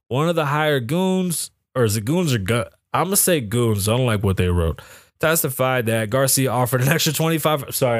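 Male podcast host, loose profane commentary, middle pitch, dry close mic. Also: no echo. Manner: rambling, swears a lot, laughs at the news.

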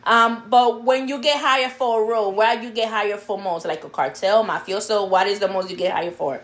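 A woman's voice: medium pitch, steady tone, moderate pace. A woman co-hosting a podcast, asking a guest questions in a chatty, laughing way and now and then dropping in Spanish words. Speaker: podcast co-host. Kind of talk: casual podcast interview.

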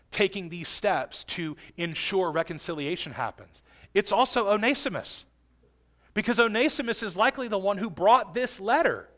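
A pastor preaches from the pulpit in a high, bright, ringing voice, earnest and emphatic. He leans hard into key phrases and stretches them out, then drops low and quiet.

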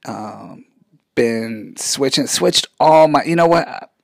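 A man's voice: mid-range voice, animated, slow, creaky, no room sound. A man, hosting a casual rant vlog in a rambling, sarcastic way, often cutting himself off mid-sentence. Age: 40s. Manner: rambling, sarcastic, self-interrupting. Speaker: vlog host.

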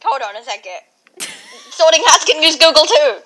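Silly young woman co-host, squeaky bright voice, super bouncy. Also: expressive, moderate pace, poor audio. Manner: goofy, teasing, cheers loudly. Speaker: book podcast co-host. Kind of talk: casual chat.

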